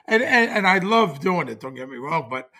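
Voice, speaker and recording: A man's voice: on the high side, big pitch swings, moderate pace, sharp tone. A man speaking as a podcast guest in casual chat, with wry, chuckling asides.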